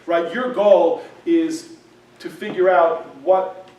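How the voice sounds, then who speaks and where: A man teaching a class in a synagogue hall takes it slowly, his slightly high voice steady in tone and a little mellow. He keeps the lecture casual and conversational, frequently checking in with his audience, while the distant mic picks up an echoey room.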